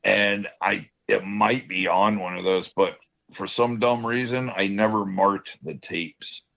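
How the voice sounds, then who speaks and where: A man's voice: fairly low pitch, steady tone, a little slow, creaky, a bit bright. A man telling rambling stories in casual podcast chat, laughing often. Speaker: podcast co-host. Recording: dull lo-fi sound.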